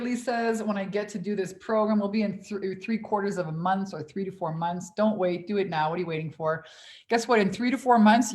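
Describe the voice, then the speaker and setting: A young adult woman coaching on a livestream, casually reading viewer comments aloud and swearing freely as she talks. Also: medium pitch. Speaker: business coach hosting a livestream Q&A. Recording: echoey room.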